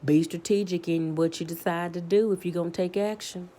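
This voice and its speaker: A woman's voice: lowish voice, fairly even intonation, a little fast, dark tone. A woman vlogger in a heated, profane opinion rant, blunt and swearing constantly, often restarting her sentences as she gets worked up. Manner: repetitive restarts when worked up.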